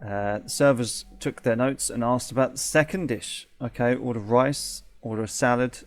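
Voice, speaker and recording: A man hosts a let's play in a mid-pitched voice, reading out game text and chatting. He stumbles, corrects himself and laughs easily, with faint music underneath. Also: moderate pace.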